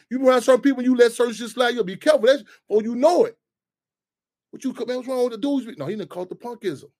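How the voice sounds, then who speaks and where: A man's voice: high-pitched, darkish tone, husky. A man hosting a radio talk show, speaking in loose, profane street talk full of restarts.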